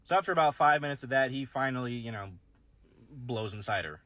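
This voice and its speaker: A man in his thirties casually telling a personal story to camera in a laid-back drawl, slowing down for emphasis. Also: medium pitch, lively intonation, fairly bright tone, a little hiss or hum. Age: 30s. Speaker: storyteller in a social media clip.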